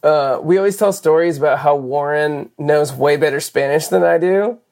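American podcast host, easygoing, pokes fun at themself, mid pitch. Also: normal speed, a little mellow. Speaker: podcast host, band member. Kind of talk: casual podcast chat.

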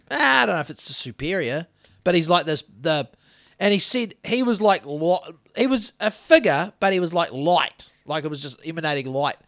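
Man, podcast host, high voice, dry close sound, casual rambling chat, swears a lot. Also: no echo. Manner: rambling, swearing anecdotal storyteller.

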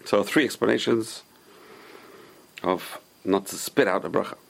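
A man's voice: on the low side, a little slow, vocal fry. A man teaching an informal Torah class, explaining Hebrew sources and giving emphatic warnings.

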